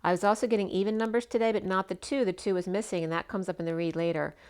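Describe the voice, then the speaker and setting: A woman giving a casual spoken tarot reading, chatty and meandering, her voice slightly hoarse. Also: mid-range voice, fairly even intonation, fast, darkish tone. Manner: chatty, meandering, full of asides. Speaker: tarot reader.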